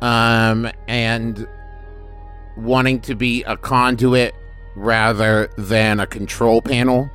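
Male player at a tabletop game, average-pitched, casual, faint music behind. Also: level tone, slow pace, a bit bright, clear, resonant tone.

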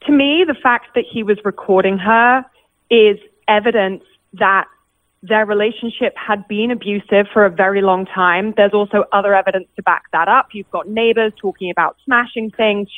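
A woman journalist joining a broadcast remotely, giving a measured, steady analysis. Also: medium pitch, no echo. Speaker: journalist guest. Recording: tinny phone line, dry.

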